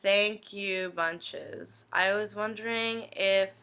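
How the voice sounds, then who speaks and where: A young woman vlogger flatly reading fan messages from her inbox aloud, one after another. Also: medium pitch, slow, smooth, poor audio. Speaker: video blogger reading fan questions.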